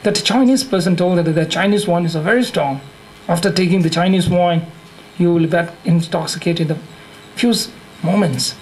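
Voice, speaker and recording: Tibetan-accented male monk, higher voice, halting and self-correcting, light laughter, faint hiss behind. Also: poor audio. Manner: halting, repeats and corrects himself, laughs often. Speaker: Buddhist monk teacher. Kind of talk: dharma teaching with humor. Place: teaching hall.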